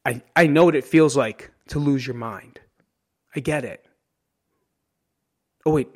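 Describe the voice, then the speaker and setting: A man's voice: medium pitch, unhurried, a little mellow. A man from New Jersey hosting a podcast in a solo monologue, candid and emotional, swearing freely and ending his points with "right?". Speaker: podcast host.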